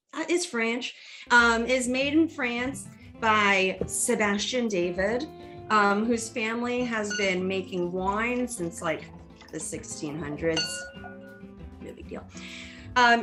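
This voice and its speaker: A woman's voice: on the high side, pushed and bright. A woman hosting a comedic drinking chat show over a video call, teasing and bawdy with her guests. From United States. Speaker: host.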